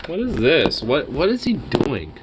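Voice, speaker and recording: Dog owner, man, goofy cooing baby talk, very swoopy pitch, faint hum behind. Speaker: pet owner filming his husky.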